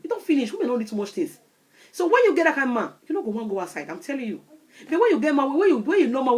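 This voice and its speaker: Woman, 30s, Nigerian Pidgin-tinged English, quick animated advice-giver to camera. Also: mid-range voice. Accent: Nigerian Pidgin-influenced English. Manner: animated, repeats "you understand?". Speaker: vlogger.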